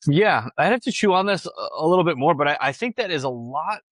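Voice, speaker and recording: A man's voice: on the high side, expressive, fairly quick, fairly bright tone, no room sound. A man co-hosting a podcast, arguing his view in a casual debate, hesitant and full of restarts. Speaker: podcast co-host.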